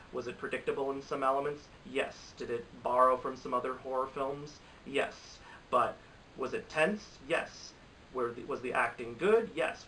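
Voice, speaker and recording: A man's voice: mid-range voice, bright, forceful tone. A young man reviewing movies in a casual, opinionated vlog, rambling and restarting his sentences. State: has a cold. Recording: slightly distant mic with faint hiss.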